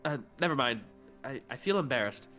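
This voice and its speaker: A man's voice: mid-range voice, lively intonation, fairly quick, sharp tone, faint music behind. A man voicing a dazed young woman who is flustered and awkward. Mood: embarrassed.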